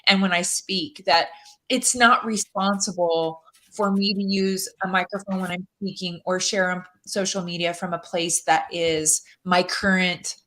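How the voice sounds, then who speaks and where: A woman speaking as a guest on a podcast in an open, chatty way. Her pitch sits at an ordinary middle height for a woman. She laughs easily and often restarts her sentences as her thoughts come. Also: fairly bright tone. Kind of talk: casual podcast chat.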